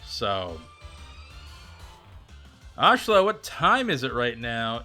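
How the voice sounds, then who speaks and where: A man's voice: medium pitch, huge pitch swings, very slow, long pauses, bright, forceful tone, soft background music. A man streaming and chatting casually with viewers, rambling with plenty of fillers and answering them by name. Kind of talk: casual livestream chat.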